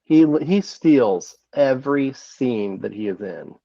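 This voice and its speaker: A man's voice: mid-range voice, expressive, slow pace, vocal fry, warm tone, no echo, dull audio. A man co-hosting a casual movie-review podcast, laid-back and enthusiastic, dropping "dude" and "man" as he talks. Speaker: podcast co-host.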